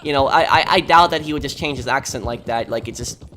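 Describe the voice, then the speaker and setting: Over slight background noise, a New York man with a medium-pitched, sharp-toned voice talks loosely while gaming. As a streamer, he rambles in a halting way, repeating words as he works out his thoughts.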